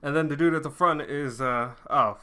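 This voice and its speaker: Bright-voiced young man rambling a recap. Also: fairly high pitch, brisk, smooth. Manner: rambling, frequent restarts and fillers. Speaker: reaction video host. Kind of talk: casual recap commentary.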